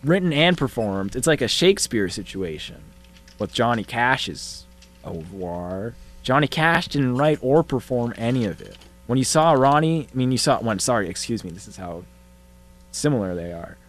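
A young man co-hosting a college radio talk show, joking in a deadpan, mock-serious way. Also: mid-range voice, normal speed. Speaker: co-host.

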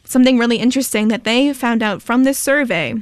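A woman's voice: on the high side, no echo, clean studio sound. A young woman hosting a student radio talk show, chatty and playful. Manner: chatty, playful, quick to laugh. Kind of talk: casual radio chat.

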